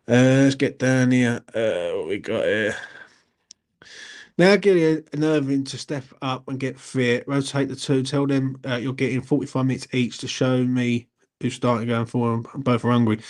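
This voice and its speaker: A man hosts a fan channel live stream, chatting casually and answering viewers. He rambles in a matey way and swears freely. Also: medium pitch. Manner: rambling and matey, swears, keeps asking "you know what I mean".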